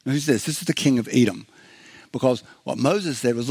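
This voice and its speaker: Brisk and husky, this man's mid-range voice is creaky and a little mellow. He's a pastor giving a relaxed, conversational sermon, humorously voicing biblical figures and often restarting or using fillers.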